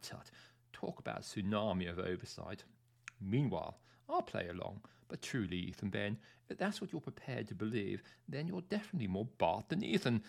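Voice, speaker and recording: A man's voice: lowish voice, creaky. A man narrating a first-person audiobook story in a theatrical, arch manner, savouring his words.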